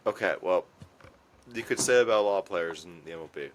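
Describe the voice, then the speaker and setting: A man's voice: low-pitched, quick pace, a little hiss or hum. A man hosting a casual sports podcast, running a trivia segment with a dry, teasing manner.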